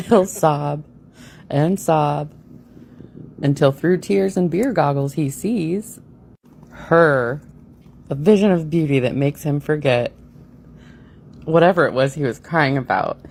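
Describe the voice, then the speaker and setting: A woman's voice: low voice, slow, creaky, pauses often, darkish tone, a little hiss or hum. A woman reading a comic grown-up story aloud on a radio show, giggling and ad-libbing with curse words. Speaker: co-host.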